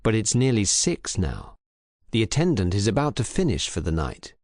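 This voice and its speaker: A man reading a crime story aloud in clear, measured narration for English learners. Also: on the low side, wildly swooping pitch, a little mellow, no echo, studio quality. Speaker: audiobook reader.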